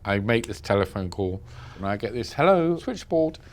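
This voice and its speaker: A British man, a journalist, telling his own story in an interview with vivid, animated storytelling. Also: lowish voice, a little fast. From Britain. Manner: vivid storyteller, acts out dialogue. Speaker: journalist recounting captivity. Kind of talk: first-person interview account.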